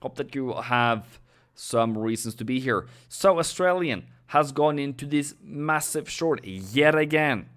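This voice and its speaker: A man's voice: medium pitch, expressive, measured pace, a bit bright. A young man with a non-native English delivery, hosting a live forex market analysis and talking viewers through charts with many fillers and self-corrections. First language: Norwegian. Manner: talks directly to viewers, thanks subscribers. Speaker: forex trading host.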